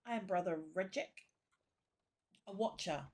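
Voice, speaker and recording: A woman voicing a kindly male priest with a gentle, lilting way of speaking, reading game dialogue aloud. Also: mid-range voice, unhurried, natural voice.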